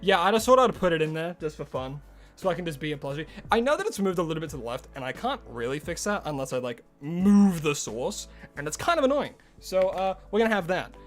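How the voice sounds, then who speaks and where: A man's voice: a little high, big pitch swings, quick pace, faint music behind. A man live-streaming a game, chatting casually with viewers, greeting them by name and rambling about his setup. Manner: chatty, greets chat by name, loose asides. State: recovering from a headache.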